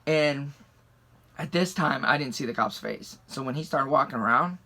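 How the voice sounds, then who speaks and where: A man's voice: mid-range voice, normal speed, pushed and bright. A young man from the rural United States telling a story casually, heated and swearing constantly. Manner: profane, heated retelling.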